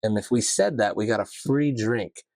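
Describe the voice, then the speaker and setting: A man's voice: moderate pace, no room sound. A young man, hosting a casual podcast chat in a loose, joking manner. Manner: loose, joking, swings up in pitch when excited. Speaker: podcast host.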